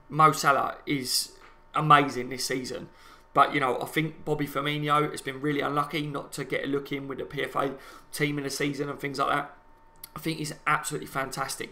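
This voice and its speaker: A man with a Liverpool accent hosts a live fan stream, talking to his viewers in a passionate, chatty way. His voice is bright and forceful, sitting slightly high for a man. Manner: passionate, chatty, talks to viewers as "guys" and "lads".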